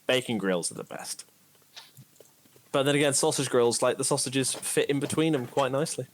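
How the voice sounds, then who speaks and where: A man's voice: medium pitch, moderate pace, a little hiss or hum. A man co-hosting a casual podcast, playful and punning. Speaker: podcast co-host. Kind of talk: casual chat.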